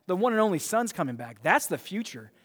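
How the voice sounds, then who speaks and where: A man's voice: sits high, big pitch swings, a little fast, a bit bright, long reverb tail. A man preaching a sermon as pastor, emphatic and often restarting his phrases.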